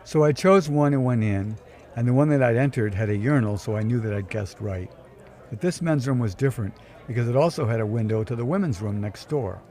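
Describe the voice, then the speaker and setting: A man's voice: medium pitch, a little fast, darkish tone. A man narrating a scripted first-person story in a dry, wry tone, recorded on a close mic. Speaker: storyteller, podcast host.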